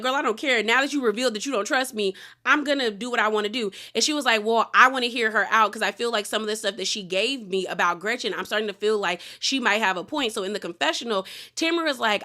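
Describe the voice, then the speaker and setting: A woman casually recapping a reality show episode, retelling scenes with slangy asides and quoted lines. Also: medium pitch. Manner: animated retelling, quoting cast members with slangy asides.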